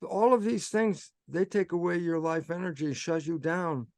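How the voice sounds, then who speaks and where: Older male guest, lively explainer, slightly high voice, dry sound. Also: normal speed, gravelly, no echo. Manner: animated, acts out his own inner dialogue. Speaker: guest speaker. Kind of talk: conversational explanation.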